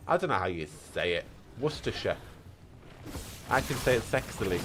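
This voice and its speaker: A man's voice: on the low side, sing-song, normal speed, noisy background. A British man streaming a game, chatting playfully and answering his chat as he goes. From Britain. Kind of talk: casual chat while gaming.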